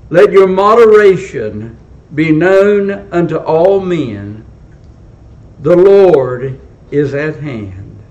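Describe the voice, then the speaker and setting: An older man preaching a sermon, a little hoarse and froggy this morning, reading scripture slowly with rising emphasis. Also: sits high, a little mellow, dull audio. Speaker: pastor.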